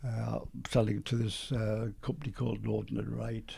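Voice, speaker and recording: An older man with a Geordie accent, a guest on an interview show, telling his story in a lively way and acting out old conversations. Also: lowish voice, moderate pace, gravelly, slightly rough. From Newcastle, England.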